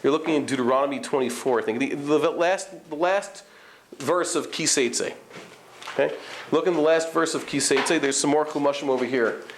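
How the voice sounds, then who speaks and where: A man's voice: on the high side, fairly quick, a little hiss or hum. A man, a rabbi giving a live class, explaining and demonstrating vowel sounds while checking in with his students. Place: study hall classroom. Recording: echoey room.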